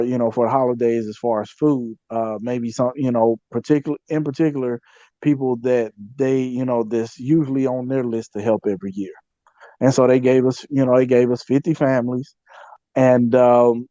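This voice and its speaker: A man's voice: medium pitch, mellow, dry recording, highs cut off. A man, a podcast guest, telling a story in a loose, conversational way with many fillers and repeated phrases. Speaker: podcast guest, community activist. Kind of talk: casual storytelling interview.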